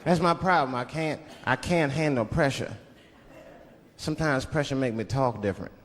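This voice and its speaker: On a large theater stage, a man with a mid-range voice performs stand-up at normal speed into a handheld mic, telling animated stories punctuated by sudden voice impressions. The live show rings in a reverberant hall, with a noisy background of audience laughter.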